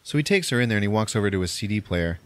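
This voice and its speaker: A man's voice: lowish voice, expressive, dry recording. Laughing man recapping a movie. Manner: acts out characters' lines in quick impressions, laughs often. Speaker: podcast host.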